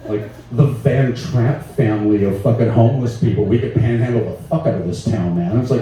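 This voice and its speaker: A man's voice: medium pitch, a little fast, hardly any pauses, dark tone, slight background noise. A man in his forties doing a stand-up comedy set, rambling and profane in a laid-back way. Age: 40s. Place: large echoey room at a live show. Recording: echoey room, voice from far off.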